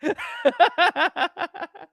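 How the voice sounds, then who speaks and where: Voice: very high voice, huge pitch swings, extremely slow, creaky, a bit bright, no echo, studio quality. A streamer giving casual reaction commentary on posts, reading them aloud, saying dude and man, and breaking into laughter again and again. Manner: slangy and loose, says dude and man.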